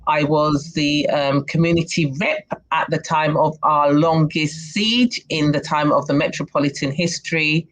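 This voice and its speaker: British woman, interview guest, slow unhurried delivery, measured. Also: deep voice, poor audio. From United Kingdom. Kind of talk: interview answers.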